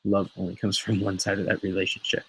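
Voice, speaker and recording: A man's voice: deep voice, completely flat delivery, fast, a bit bright, husky, poor audio. A man hosting a casual show, rambling and swearing freely as he chats. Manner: profane, rambling, laughs often. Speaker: show host.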